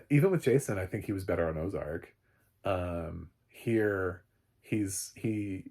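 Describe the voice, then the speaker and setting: Husky-voiced man chatting through a review. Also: low-pitched, a little mellow. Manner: chatty, rambling, laughs often, many fillers. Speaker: film critic. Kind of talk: casual spoken review.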